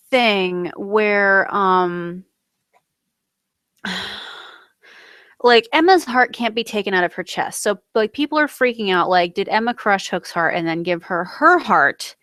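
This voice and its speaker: A young woman from the United States, recapping a TV episode in a rambling, excitable way full of fillers and self-corrections. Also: medium pitch, no echo. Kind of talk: casual chat.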